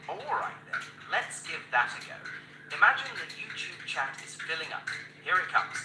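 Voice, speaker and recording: A man's voice: a little high, sing-song, normal speed, bright, forceful tone, far from the mic. A man's voice with a British accent, an AI assistant speaking politely and eagerly, making up rhymes and announcements. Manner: polite, upbeat, eager to please. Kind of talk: playful improvised rhymes and announcements. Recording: echoey room with clear background noise.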